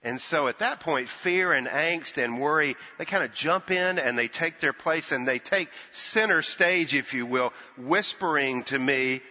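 An older man preaching a sermon, telling a story and acting out the quoted voices with hushed and lifted tones. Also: on the high side, measured pace, few pauses. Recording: dull sound with long hall reverb.

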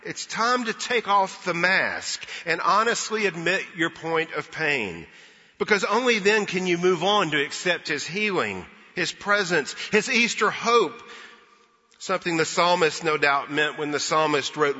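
Preaching an Easter sermon in a church sanctuary, this pastor has a very bright, forceful voice pitched a touch higher than most. His storytelling is earnest and relies on pauses, while the lo-fi recording sounds dull and echoes with long hall reverb.

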